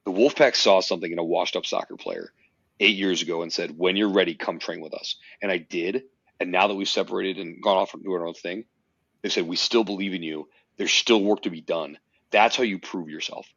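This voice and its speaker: Speaking low with a creaky, fairly bright voice, a man appears as a podcast guest and tells a personal story bluntly, emphatically, and with plenty of profanity. The casual conversation is recorded dry and slightly muffled, with no room sound.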